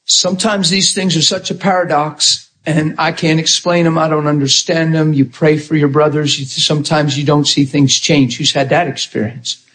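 A man with a high voice delivers a lively sermon as a pastor. He is animated and theatrical, slipping into quick impressions to make his point. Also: rough recording. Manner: animated, acts out quoted voices.

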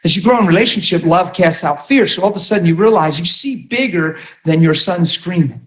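A man preaches in a casual, emphatic manner, stumbling over repeated words as he gathers his thoughts. His voice sits a touch higher than most men's. The room around him rings with echo. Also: a little fast, fairly bright tone. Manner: conversational, emphatic, repeats words when starting. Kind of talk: sermon.

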